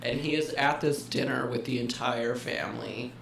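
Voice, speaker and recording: A woman's voice: rumbling low, fairly even intonation, moderate pace, vocal fry. Woman joking crudely in an echoey, noisy room. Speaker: podcast co-host. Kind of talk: casual chat.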